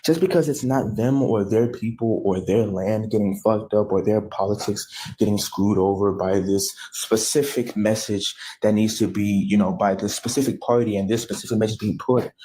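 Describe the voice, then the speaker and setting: In a rambling, profane reaction commentary, an American man rants casually, frequently stopping to correct himself. His voice is warm and on the low side, and the recording quality is low.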